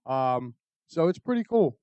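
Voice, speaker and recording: A middle-aged man, co-hosting a casual podcast and telling lively stories. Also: mid-range voice, a little slow, dry recording, dull audio. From Philadelphia area. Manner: storytelling, animated. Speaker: podcast co-host. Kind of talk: casual chat.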